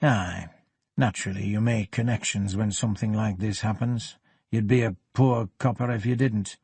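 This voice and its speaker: A man voicing a gruff older police superintendent with a Yorkshire accent, blunt and unhurried, in an audiobook. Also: fairly low pitch, steady tone, a little mellow, no room sound. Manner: blunt, unhurried, plain-spoken.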